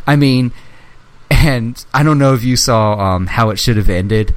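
A young man with a slightly low voice talks in a loose, casual chat, getting carried away with enthusiasm. He swears freely and slips into little impressions of movie characters as he retells scenes. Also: moderate pace. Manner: excitable fan, swears freely, acts out movie lines.

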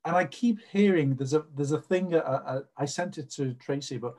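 A man's voice: fairly high pitch, moderate pace, a little mellow. A man hosting a podcast, giving a casual card reading in a rambling, chatty way. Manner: chatty, rambling, full of fillers. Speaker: podcast host and card reader. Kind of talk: casual psychic reading chat.

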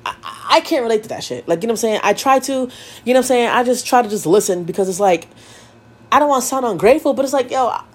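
A young woman hosting a podcast, talking candidly and emotionally, swearing often and repeating herself as she vents. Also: high-pitched. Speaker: podcast host. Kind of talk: candid personal podcast monologue.

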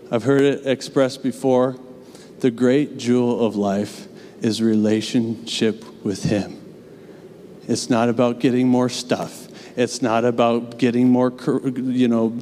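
A man's voice: medium pitch, dark tone, slight background noise. A young adult man preaching a sermon in a church, earnest and conversational, with casual asides. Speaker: pastor. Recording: long church reverb.

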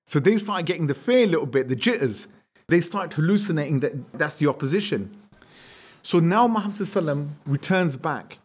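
A man teaching an Islamic history lesson as an animated storyteller, acting out quotes and throwing rhetorical questions at his listeners. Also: a little high, quick pace, husky. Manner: asks the audience rhetorical questions. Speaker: religious teacher.

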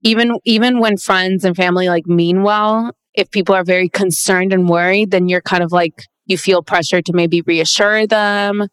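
A woman in a casual chat, speaking gently and tentatively in support. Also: on the low side, steady tone, normal speed, few pauses, smooth, dry recording.

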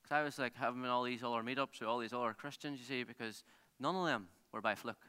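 A man delivers a lively, story-driven sermon, tripping over his own words as he goes. His voice is bright and crisp. It rings out with a long reverb through a large theatre. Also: medium pitch, quick pace. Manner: animated storytelling, self-interrupting with restarts and laughs. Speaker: pastor. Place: large theatre used as a church.

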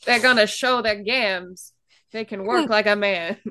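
A woman's voice: medium pitch, unhurried, bright, forceful tone, clean tone, pitched above the performer's own voice. A woman putting on a Mid-Atlantic accent for a brash 1920s figure, with a theatrical old-radio delivery. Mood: brassy.

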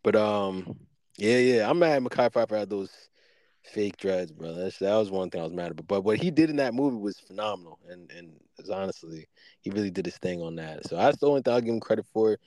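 A man co-hosting a podcast, talking in a rambling, animated way and jumping high when excited. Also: fairly quick, dry recording. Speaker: podcast co-host. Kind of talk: casual debate chat.

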